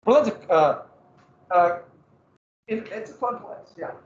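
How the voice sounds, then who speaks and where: A man giving a history lecture in a lively, conversational way with joking asides. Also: high-pitched, unhurried. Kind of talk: classroom lecture. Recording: echoey room, dull lo-fi sound.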